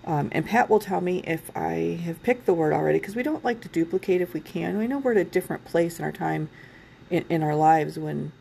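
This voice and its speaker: A woman's voice: fairly low pitch, a little fast, creaky, darkish tone, a little hiss or hum. A woman from Ohio hosting a podcast, chatting casually and rambling a little, laughing often. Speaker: podcast host.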